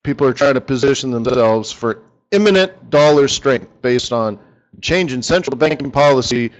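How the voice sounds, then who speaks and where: A man's voice: mid-range voice, moderate pace, highs cut off. A man leading a live forex strategy session, chatty and joking, talking straight to his viewers.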